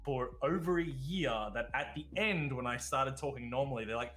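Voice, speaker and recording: A man's voice: medium pitch, moderate pace, a bit bright, faint music behind. An Australian man chatting as a guest on a podcast, blunt and casual, swearing now and then and laughing between points.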